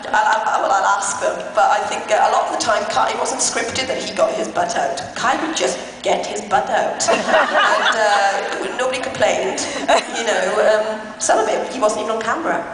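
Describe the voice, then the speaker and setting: A woman at a convention panel, telling lively anecdotes between bursts of laughter. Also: medium pitch, moderate pace, loud music behind the voice. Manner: animated, laughing storyteller. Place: large convention hall. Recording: echoey hall from far off, loud crowd noise. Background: loud crowd and hall noise.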